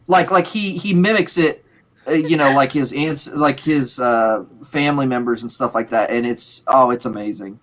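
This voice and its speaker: A man's voice: mid-range voice, normal speed, a bit bright. A man co-hosting a casual chat who rambles, repeats words and slips into playful impressions. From Pittsburgh area. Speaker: podcast co-host.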